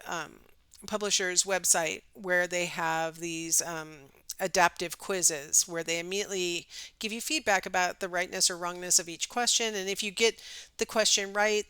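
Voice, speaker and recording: A woman's voice: on the low side, bright, forceful tone, smooth, dry recording. A middle-aged woman teaching a recorded psychology lecture in a chatty way, with many ums and rhetorical questions. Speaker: psychology instructor.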